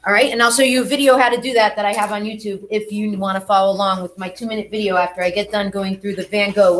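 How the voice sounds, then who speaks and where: A woman's voice: on the high side, fairly bright tone, roomy sound, a little hiss or hum. A woman teaching an art class, talking chattily and directly to her students. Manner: chatty, talks straight to students.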